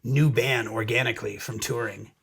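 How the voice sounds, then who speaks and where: A middle-aged man tells his story in a casual interview, swearing freely and restarting his sentences as he goes. His voice is heavily gravelly with a husky, tense edge. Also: mid-range voice, normal speed. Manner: profane, energetic, frequent restarts. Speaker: musician guest.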